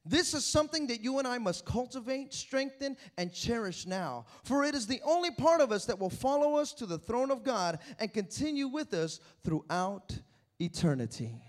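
A man preaching a sermon, swinging from loud exhortation to quiet asides and acting out the voices of churchgoers. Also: very high-pitched, very animated, moderate pace. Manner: acts out quoted voices of churchgoers. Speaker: pastor.

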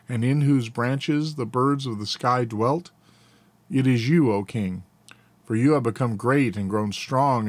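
A man reading scripture aloud in a steady, plain way, now and then correcting a slipped word. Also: medium pitch, no room sound. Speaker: scripture reader.

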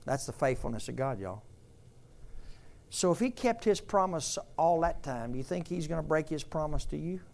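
Older pastor preaching, gravelly voice, makes the crowd repeat after him. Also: male voice, fairly high pitch, animated, moderate pace, darkish tone. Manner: call-and-response, repetitive, emphatic. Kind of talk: sermon.

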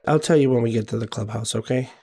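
A man's voice: mid-range voice, quick pace, a little mellow, breathy edge. Laid back guy player, jokey, easygoing. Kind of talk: tabletop role-play.

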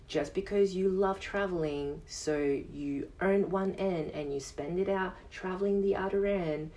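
A male yoga teacher hosting his own podcast, giving an earnest motivational monologue in a high, soft, soothing voice and repeating phrases for emphasis. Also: far from the mic, rough recording. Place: casual home podcast setup.

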